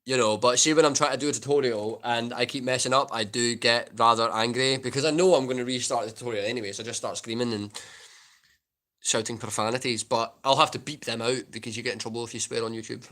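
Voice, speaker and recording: Chatty man with a bright voice. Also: mid-range voice. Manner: chatty, rambling, reads out chat. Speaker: guitar YouTuber live streamer. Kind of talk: casual live stream chat.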